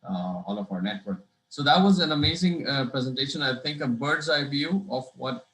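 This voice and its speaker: A man's voice: medium pitch, lively intonation, moderate pace, a bit bright. A man hosting a professional webinar, speaking in a rambling, hesitant way full of "uh"s, with a dry throat, heard over a video call. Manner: rambling, hesitant, many uh fillers and restarts. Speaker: webinar host. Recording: echoey room.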